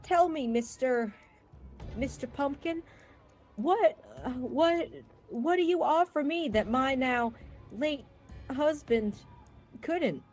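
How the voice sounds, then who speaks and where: A woman's voice: high-pitched, lively intonation, slow pace, darkish tone, soft background music, pitched above the performer's own voice. A woman voicing a melodramatic young woman torn between suitors. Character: theatrical young woman, engaged, Bernadette.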